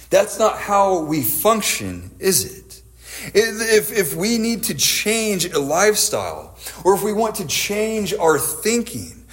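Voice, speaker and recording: A young adult man delivers a sermon in a fairly high voice. He tells stories to make his point and acts out the lines he quotes with a raised voice. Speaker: preacher.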